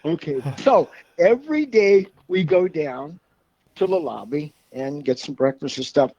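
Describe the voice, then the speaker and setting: A man's voice: on the high side, lively intonation, unhurried, warm tone, dull audio. A man guest from a car club telling folksy stories in a casual way, often laughing at his own tales. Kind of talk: casual storytelling.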